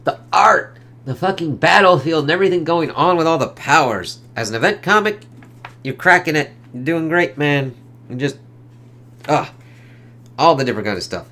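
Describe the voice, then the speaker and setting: A young man reviewing a comic in a casual, rambling way, excitable and swearing freely. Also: mid-range voice, fairly quick. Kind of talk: casual review reading panels aloud.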